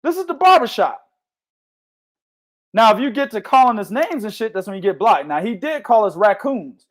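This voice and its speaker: A man hosting a boxing podcast, talking in a loud, passionate and profane casual way. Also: high-pitched. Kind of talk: heated casual chat.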